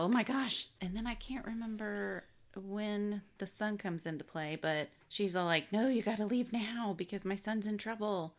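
A woman co-hosting a casual movie podcast who laughs often and reacts with quick quips. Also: on the low side. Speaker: podcast co-host. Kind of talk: casual movie review chat.

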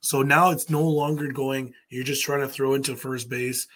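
A man with a husky, slightly rough voice chats loosely about sports as a podcast co-host. He rambles through his points and keeps asking the others what they think. His voice sits at a middle pitch. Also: fairly even intonation, moderate pace, fairly bright tone. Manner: loose, rambling, asks the panel questions. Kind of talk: casual sports chat.

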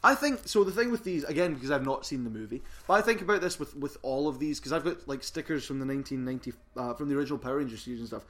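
A man's voice: medium pitch, animated, racing, few pauses, a bit bright. A man co-hosting a podcast, chatting casually and reading out trading card text with playful emphasis. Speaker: podcast co-host. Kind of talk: casual chat.

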